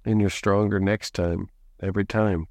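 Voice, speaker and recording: A low-voiced man interviews his guest and mostly gives short, calm affirmations and follow-up questions. The sound is dry, with no room echo. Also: moderate pace. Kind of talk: brief interview responses.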